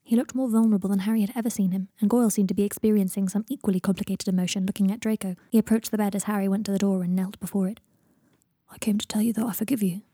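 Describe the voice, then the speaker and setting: A woman narrating a fan fiction audiobook in a quiet, steady reading voice. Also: mid-range voice, husky, no echo, clean studio sound.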